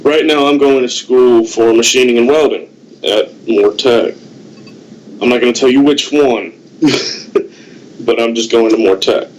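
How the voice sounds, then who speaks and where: A middle-aged man from the United States, a guest on a Skype call, giving blunt, deliberate political opinions. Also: medium pitch, a little mellow, slight background noise, low-quality recording. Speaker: guest, host's father.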